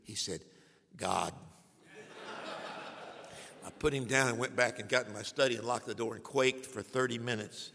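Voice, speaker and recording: An older man preaching a sermon as a pastor, telling humorous stories and swinging from hushed asides to loud declarations. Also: medium pitch, steady tone, fast, hardly any pauses, slight background noise. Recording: long hall reverb.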